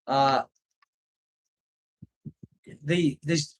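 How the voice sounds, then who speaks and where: An older man from Britain talks to his livestream viewers in a loose, wandering way and often laughs at his own tangents. His voice sits a little higher than most men's. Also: fairly even intonation, extremely slow. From United Kingdom. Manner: rambling, nostalgic, laughs often. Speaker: expat vlogger reading live chat. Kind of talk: casual livestream chat. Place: home in the Philippines.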